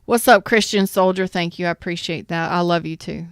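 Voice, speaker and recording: Tarot lady on a livestream, kinda low smooth voice, chatty, shouting out people in chat. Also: brisk, no echo, clean studio sound. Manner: chatty, emphatic, greets viewers in chat. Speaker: tarot reader. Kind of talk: live tarot reading.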